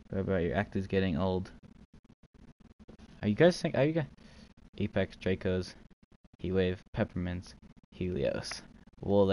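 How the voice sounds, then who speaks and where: A man's voice: sits low, darkish tone, a little hiss or hum, poor audio. A man streaming live, casually chatting and joking as he reads chat aloud. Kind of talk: casual livestream chat while trading.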